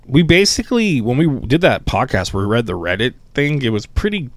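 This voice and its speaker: A man co-hosting a podcast, rambling in casual, animated chat and swearing freely. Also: mid-range voice, brisk, no room sound. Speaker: podcast co-host.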